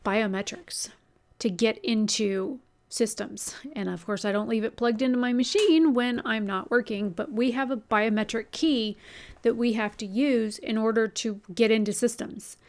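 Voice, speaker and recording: A woman's voice: on the high side, fairly even intonation, normal speed, darkish tone. A woman who works as a customer service agent, chatting candidly in a storytelling vlog and swearing now and then.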